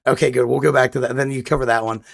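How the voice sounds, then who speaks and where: A man's voice: mid-range voice, steady tone, racing, gravelly, no room sound, clean studio sound. A man co-hosting a gaming podcast, telling rambling stories with lots of restarts in casual chat. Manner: rambling storyteller, many restarts. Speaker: podcast co-host.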